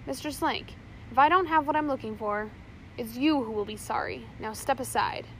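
A woman voicing a cool, ruthless male pirate captain who speaks gruffly and with menace in a storybook reading. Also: a little high, moderate pace, fairly bright tone, a little hiss or hum, low-quality recording. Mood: menacing.

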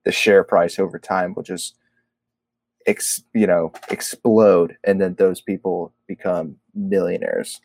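Low-voiced rambling podcast guy. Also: little pitch movement, slow, creaky, darkish tone, no echo. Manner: rambling, filler-heavy, full of "like" and "you know". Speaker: podcast co-host. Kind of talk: casual chat.

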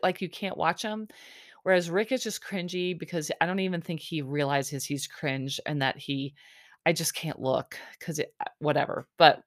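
In a clean studio recording without echo, a woman with a deep yet fairly bright voice chats her way through a reality TV episode recap. Her storytelling is opinionated and casual, packed with filler words like "like" and "um."

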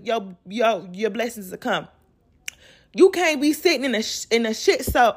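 A woman's voice: high-pitched, fairly bright tone. A woman hosting a podcast, ranting casually and bluntly with lots of profanity, acting out what other people say. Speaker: podcast host. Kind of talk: casual rant.

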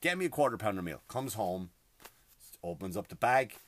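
A middle-aged host ranting about everyday hassles in an exasperated, profane, emphatic way. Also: male voice, fairly low pitch, big pitch swings, normal speed, fairly bright tone. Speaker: podcast host. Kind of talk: comedic rant.

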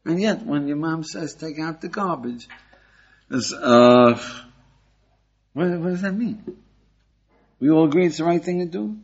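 An older American man, a rabbi, giving a lively class and checking in with his listeners with a steady "yeah?". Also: on the high side, unhurried, pauses often, breathy edge. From United States. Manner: animated, questioning the audience, frequent "yeah?". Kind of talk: lively Torah class lecture. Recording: dull lo-fi lecture recording.

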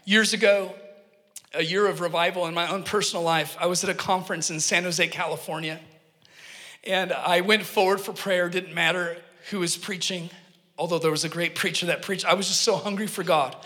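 Bright, high-voiced man preaching in an echoey hall. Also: steady tone, normal speed. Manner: earnest, emphatic, joking asides to the congregation. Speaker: pastor. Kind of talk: sermon with personal storytelling.

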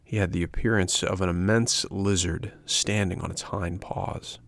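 A man reading a classic storybook aloud as an audiobook narrator, in a measured, even manner. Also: sits low.

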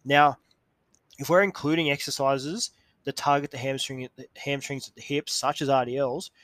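Dry, even-voiced male podcast host. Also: mid-range voice, moderate pace, no room sound. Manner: calls his own voice monotone, steady explanatory delivery. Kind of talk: solo educational podcast talk.

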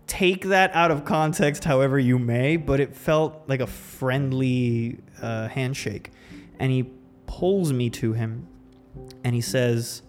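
A man's voice: medium pitch, slow pace, soft background music. A man hosting a podcast, telling a personal story in a loose, reflective way, full of restarts. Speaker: podcast host. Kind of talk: casual storytelling.

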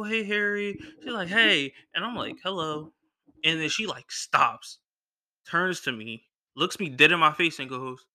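This young Philadelphia man hosts a podcast and shares something from his own life, his voice pitched fairly high. He keeps it loose and lively, slipping into character whenever he quotes someone.

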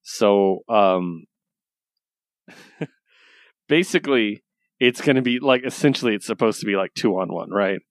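Easygoing low-voiced podcast guy. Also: a little slow, pauses often, dry recording. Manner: loose and rambling, enthusiastic, swears casually. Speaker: podcast co-host reviewing comics. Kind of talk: casual chat.

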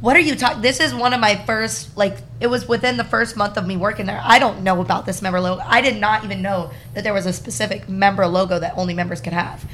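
A young woman from Florida tells a story on a podcast. She is lively, acts out the people she quotes, and swears casually. A faint hiss sits under her voice. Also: medium pitch, fast talker, few pauses. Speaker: guest.

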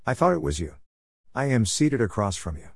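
A man's voice: mid-range voice, sing-song, moderate pace, creaky, husky, no room sound, studio quality, heavily acted. A man voicing a friendly young woman lawyer, chatty and polite, in a narrated story.

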